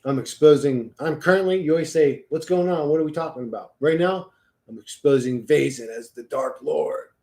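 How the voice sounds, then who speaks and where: A man's voice: on the high side, a little fast, warm tone. Rambling, profane male livestream host. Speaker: livestream host reading chat. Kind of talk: casual livestream chat.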